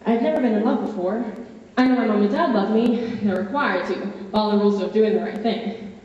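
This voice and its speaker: A woman's voice: mid-range voice, fairly quick, mellow. Earnest young woman narrating in an echoey hall. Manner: earnest, emotional, intimate storytelling. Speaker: competitor. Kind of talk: dramatic interpretation performance, first-person narration. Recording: echoey hall from far off, dull.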